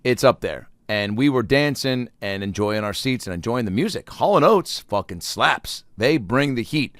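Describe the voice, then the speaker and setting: A man's voice: mid-range voice, expressive, normal speed, hardly any pauses, fairly bright tone, dry recording, studio quality. A man in his thirties hosting a solo comedy podcast, telling rambling, profane stories and acting out the people in them. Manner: rambling, profane storytelling with acted-out quotes.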